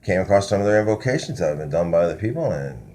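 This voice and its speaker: A man who presents himself as a spiritual teacher delivers a rambling monologue in a low, dark voice, animated and rapid-fire. His profane, conspiratorial ranting drifts across subjects with many restarts, over slight background noise.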